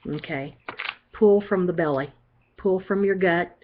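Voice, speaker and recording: An older woman talks through a card reading in a low, homey voice. She reassures the listener and keeps checking in with "okay?". The recording sounds dull and lo-fi. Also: normal speed, slight background noise. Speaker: psychic reader.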